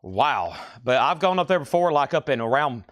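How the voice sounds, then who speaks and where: A man with a country American accent runs a live record sale, rattling off titles and prices in a quick, practiced patter. His voice sits in an ordinary middle register, and he drops in wry, joking asides between sales. The sound is close and dry, with no room echo. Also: medium pitch, very animated, fairly bright tone. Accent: rural American country accent. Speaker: live-stream record seller.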